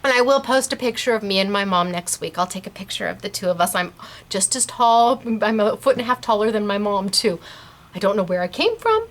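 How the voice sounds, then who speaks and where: A woman hosting a casual craft tutorial, chatty and bubbly and quick to laugh. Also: mid-range voice, very animated. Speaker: host of a scrapbooking shop channel.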